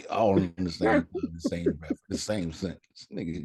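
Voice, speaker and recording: A man's voice: deep voice, normal speed, a little mellow, husky. A man on a casual podcast panel, talking hesitantly with many fillers and chuckles.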